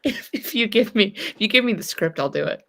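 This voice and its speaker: Teasing woman with a gravelly voice. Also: mid-range voice, animated, brisk, fairly bright tone. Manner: teasing, bossy, talks over. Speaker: friend calling in to the stream. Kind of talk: casual teasing chat.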